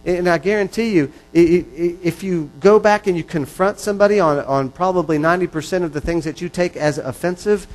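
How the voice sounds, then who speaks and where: A man's voice: fairly high pitch, a little mellow, poor audio. A man preaching a sermon in an earnest, repetitive style that builds in intensity. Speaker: pastor.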